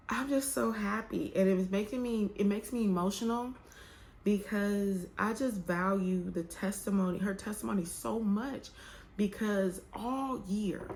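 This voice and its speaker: A young woman vlogging to camera, candid and emotional as she talks about faith and waiting, with a colloquial, drawling way of speaking. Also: medium pitch. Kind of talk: casual heartfelt chat to camera. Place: room with some echo.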